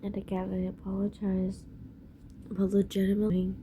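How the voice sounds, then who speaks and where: A woman's voice: medium pitch, fairly even intonation, a little slow, creaky, long pauses, a little mellow, slight background noise. A woman vlogging casually at night from her bed, talking sleepily and often in a whisper. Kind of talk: casual late-night vlog. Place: bedroom, in bed under blankets.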